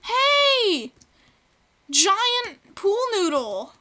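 A woman's voice: very high voice, big pitch swings, extremely slow, sharp tone, slight background noise. A woman hosting a video game let's play, chatting playfully and talking to the creatures on screen. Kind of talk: gaming commentary.

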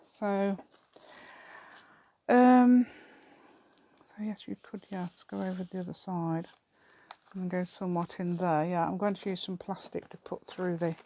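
A woman's voice: fairly low pitch, fairly even intonation, a little slow, long pauses, dark tone. A middle-aged woman chatting casually while she crafts, rambling, laughing often and muttering asides to herself. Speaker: craft video maker.

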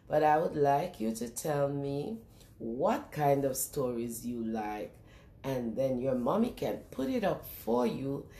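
A woman reading a picture book aloud to young children in a lively sing-song way, stopping often to ask them questions. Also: a bass voice, roomy sound. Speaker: children's storyteller.

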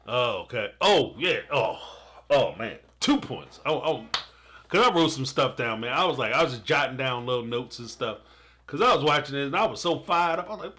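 A man's voice: medium pitch, expressive, normal speed, fairly bright tone. A man reacting live to a reality show in a fired-up, ranting way, with a laugh breaking in. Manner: fired up, ranting and laughing, talks straight at the viewer. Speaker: live-stream reaction host. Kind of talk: animated reaction commentary.

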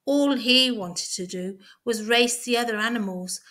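A woman tutor reading a children's story aloud, clear, deliberate and expressive. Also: a little high.

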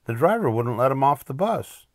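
A man's voice: medium pitch, sing-song, moderate pace, no echo, clean studio sound, voice pushed up, close to an everyday voice. An older man voicing a teasing young monkey girl.

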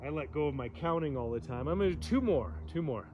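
A man's voice: on the high side, expressive, fast, highs cut off, background noise. A man teaches an outdoor yoga flow, calling out poses and breaths in a slightly raised voice. He drops playful jokes between cues. Faint outdoor ambience sits under his voice. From Southern California. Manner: joking asides between pose cues. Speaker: yoga instructor. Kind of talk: guided yoga class.

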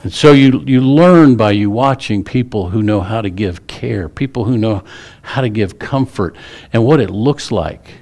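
A man's voice: fairly low pitch, normal speed, a little mellow. A middle-aged man, a pastor preaching a sermon in a church, telling stories in a folksy, humorous way. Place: church sanctuary.

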